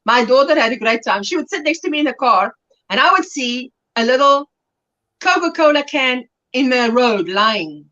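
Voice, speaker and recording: Chatty South African woman, lively high voice. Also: normal speed, lo-fi sound. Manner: chatty, laughing, reads viewer comments aloud. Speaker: livestream host. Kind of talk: casual chat while crafting.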